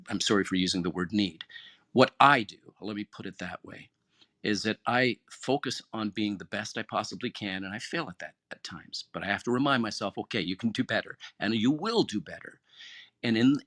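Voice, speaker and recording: A man with a fairly low voice delivers an earnest, encouraging pep talk as host of an online discussion room. The sound is dry and close, with no room around it. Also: fairly bright tone, no echo. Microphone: phone or headset in an online audio room.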